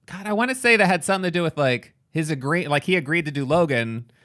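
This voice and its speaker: A man's voice: a little high, animated, fast, fairly bright tone. A man co-hosting a podcast, chatting enthusiastically and rambling with lots of fillers. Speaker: podcast co-host. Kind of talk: casual chat.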